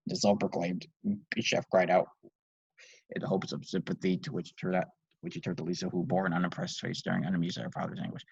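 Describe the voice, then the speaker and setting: A man's voice: low-pitched, level tone, fast talker, gravelly, slightly rough, dry recording. A man casually reading fanfiction aloud, breaking off with irreverent, swearing asides. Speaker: youtube reader and reviewer. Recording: dry dull lo-fi home mic.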